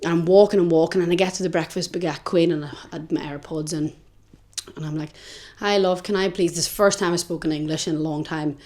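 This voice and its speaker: A young woman with a fairly low voice tells a story in casual chat. She is animated, dropping to a hush and then rising loud. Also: fast. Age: young adult. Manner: animated, swings from hushed to loud. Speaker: podcast co-host.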